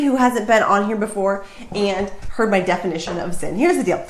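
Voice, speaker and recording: A woman's voice: mid-range voice, lively intonation, moderate pace. A woman vlogging casually to camera about her Bible reading, chatty and jokey, with plenty of fillers. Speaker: vlogger sharing Bible reflections. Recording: roomy echo.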